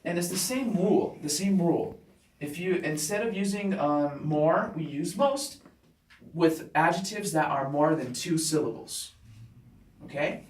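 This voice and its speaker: A male teacher giving a classroom grammar lesson, talking slowly and deliberately and checking in with students after nearly every point. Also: on the high side. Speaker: English teacher. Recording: roomy classroom sound from a distant mic.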